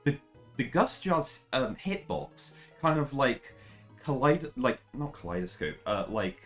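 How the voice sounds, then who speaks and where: A woman's voice: a bass voice, very animated, measured pace, faint music behind. Swearing woman ranting over gameplay. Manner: swears a lot, rants in frustration, then explains in a rush. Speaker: speedrunner streaming a game. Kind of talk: live gameplay commentary.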